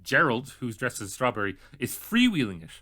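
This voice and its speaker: A man's voice: mid-range voice, sing-song, brisk, pushed and bright. A man with an Irish accent co-hosting a podcast, talking bluntly and animatedly in casual chat, with plenty of swearing. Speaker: podcast co-host.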